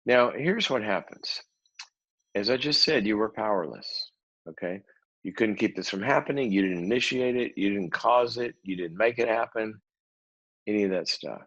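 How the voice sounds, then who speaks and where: A male psychologist hosting a show, answering a listener question in a measured, emphatic way, repeating key words and using fillers like "um" and "you know". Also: on the low side, lively intonation, a bit bright, highs cut off. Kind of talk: unscripted advice talk.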